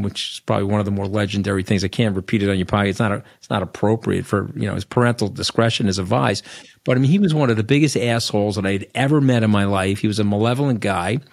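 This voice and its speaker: A man's voice: fairly low pitch, vocal fry, no echo, clean studio sound. A middle-aged man with a Long Island New York accent, a podcast guest telling stories in a blunt, rambling way and tagging lines with "okay?". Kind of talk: casual storytelling interview.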